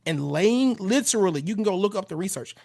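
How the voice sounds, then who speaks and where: A man's voice: high-pitched, lively intonation, a little fast, creaky, darkish tone, dry recording, clean studio sound. A man in his thirties, a relationship coach giving blunt, casual advice on a podcast and swearing freely. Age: 30s.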